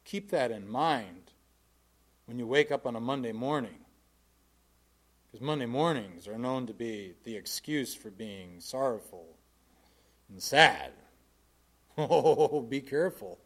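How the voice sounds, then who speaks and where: A man's voice: medium pitch, expressive, slow, pauses often, breathy edge. Earnest male preacher delivering a sermon. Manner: emphatic, swings from loud to quiet.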